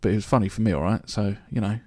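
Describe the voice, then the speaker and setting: A man's voice: on the low side, steady tone, rapid-fire, warm tone, no echo, clean studio sound. A man from London with a London accent, hosting a solo podcast in a chatty, joking, rambling way. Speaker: podcast host. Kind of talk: casual solo podcast monologue.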